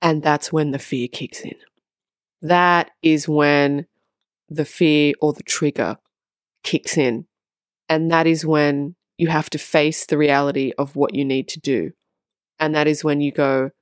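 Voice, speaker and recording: A woman with a fairly low voice talks straight to her viewers in a casual, earnest monologue. She leans on repetition to drive her points home and drops a swear word now and then. The sound is dry and close, with no room echo. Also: measured pace. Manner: earnest and emphatic, repeats phrases for stress. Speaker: spiritual vlogger on twin flames.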